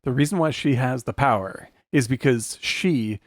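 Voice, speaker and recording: A man co-hosting a film podcast, thinking out loud with frequent fillers and restarts. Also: mid-range voice, normal speed, no echo. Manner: searching for words, many restarts and fillers. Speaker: podcast co-host. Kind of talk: casual film discussion.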